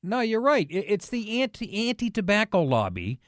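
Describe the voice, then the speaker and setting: A brash male radio co-host with a high, lively voice that swings up and down as he rants and jokes. His sound is close and dry, right on the studio mic. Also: moderate pace, dry recording. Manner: brash, opinionated, jokey. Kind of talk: late-night sports radio banter.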